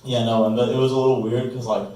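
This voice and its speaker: A man's voice: mid-range voice, level tone, quick pace. A young man doing a stand-up set at a college open mic, rambling and self-mocking with lots of fillers. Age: young adult. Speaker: stand-up comedian. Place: college comedy club room. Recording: echoey room from a distance, noisy.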